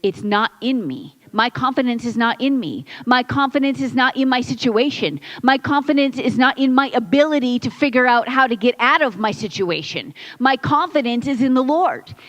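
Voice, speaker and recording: A woman's voice: on the high side, expressive, normal speed, hardly any pauses, fairly bright tone, dull audio. A woman pastor preaching a conversational sermon in a church, building points through repetition and quoted asides. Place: church sanctuary.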